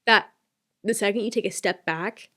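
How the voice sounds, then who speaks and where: A woman's voice: mid-range voice, pushed and bright. A woman in her twenties, a podcast co-host, chatting casually and emotionally with many fillers. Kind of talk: casual chat.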